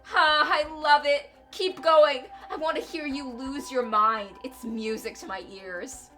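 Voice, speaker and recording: Woman doing a sneering vengeful male ex-con, game villain, taunting, bright tense tone, raised pitch. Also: fairly even intonation, a little slow, faint music behind. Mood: gloating. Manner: taunting, sneering, mock-sweet then snarling. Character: vengeful male ex-convict, gleeful and menacing. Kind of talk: reading a game aloud with voices.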